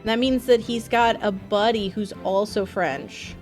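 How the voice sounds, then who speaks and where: A woman's voice: mid-range voice, unhurried, faint music behind. A woman streaming a game live, chatting playfully and swearing freely as she thinks aloud. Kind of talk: casual live gameplay commentary.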